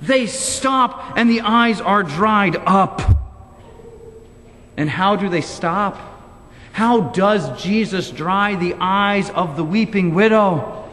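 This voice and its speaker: A man's voice: high-pitched, slow, fairly bright tone. A male pastor delivering a sermon in a church, pressing his point with emphatic rhetorical questions. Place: church sanctuary. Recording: long church reverb.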